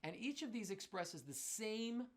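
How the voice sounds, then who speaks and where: A man's voice: sits high, sing-song, measured pace. A man teaching a drum clinic in a studio, wearing a mic and scatting rhythms with syllables as he explains. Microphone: wearing a microphone.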